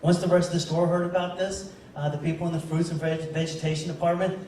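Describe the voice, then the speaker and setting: Speaking quickly in a slightly high, darkish voice with little pitch movement, a man tells a story during a motivational keynote and talks straight to the crowd. The recording comes from far back in a large, very reverberant event hall and carries a faint hiss or hum.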